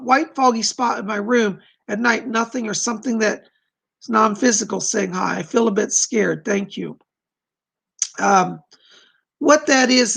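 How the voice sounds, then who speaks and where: A man doing live psychic readings on a stream, reading viewer questions aloud and gently relaying reassuring messages. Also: sits high, vocal fry, breathy edge. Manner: gentle, reassuring, calls people darling.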